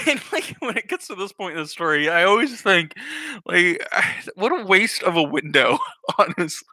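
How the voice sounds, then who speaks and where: Animated male storyteller, bright tone, lively swooping pitch, rambling asides. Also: normal speed, dry recording. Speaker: YouTuber. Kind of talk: casual storytime.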